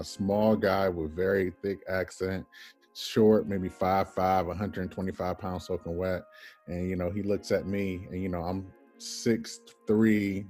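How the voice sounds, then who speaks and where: Low-voiced man telling a lively story. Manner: animated storyteller, acts out quoted voices, laughs often. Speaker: guest. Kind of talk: storytelling in a podcast interview.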